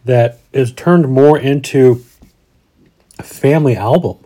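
A man's voice: mid-range voice, slow, dark tone. A man in his forties, a podcast host, chatting casually and rambling with frequent restarts. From Colorado, USA. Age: 40s. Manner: rambling, restarts often, folksy. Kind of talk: casual chat.

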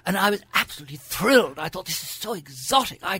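A man's voice: high voice, animated, quick pace, few pauses, pushed and bright, husky, dry recording. An older man with a grand upper-class Irish accent, telling wry, theatrical stories as a guest in a radio studio. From Ireland. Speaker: guest, senator. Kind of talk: frank anecdotal interview.

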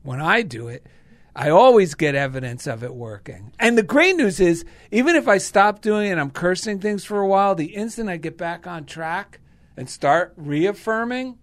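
A man's voice: sits high, animated, normal speed. A man talking enthusiastically and earnestly in a casual spiritual chat.

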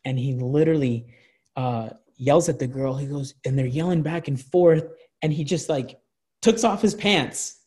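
A man's voice: on the high side, moderate pace, darkish tone, slightly rough. A man in his twenties telling party stories in casual chat, rambling with lots of restarts and swearing. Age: 20s. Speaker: guest.

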